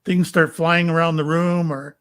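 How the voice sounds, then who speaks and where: Older man from Florida, somewhat higher voice, talks in starts and stops; guest telling personal stories. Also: little pitch movement, fairly bright tone. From Florida, USA. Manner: rambling, halting, with many fillers and restarts. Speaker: psychic medium and retired police officer. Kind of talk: casual storytelling interview.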